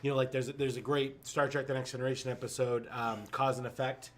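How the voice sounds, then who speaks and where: A man's voice: mid-range voice, little pitch movement, fast talker, a little hiss or hum. A man co-hosting a casual podcast, mostly reacting with short interjections and chatting about TV episodes. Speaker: podcast co-host. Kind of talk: casual chat.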